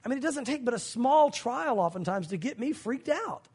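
A middle-aged man preaching a sermon as a pastor, acting out scenes with sudden shouts and hushed passages. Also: very high-pitched, moderate pace, breathy edge. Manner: animated storyteller, acts out scenes in shouts and hushed tones.

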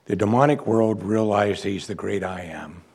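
A man's voice: fairly low pitch, moderate pace, darkish tone, husky. A man, a pastor, preaching an expository sermon in a conversational way and acting out quotes from the text.

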